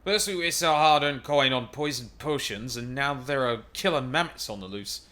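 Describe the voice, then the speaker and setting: A man voicing a rough male adventurer who speaks in gruff, exasperated outbursts. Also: medium pitch, animated, moderate pace, bright, forceful tone. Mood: grumbling.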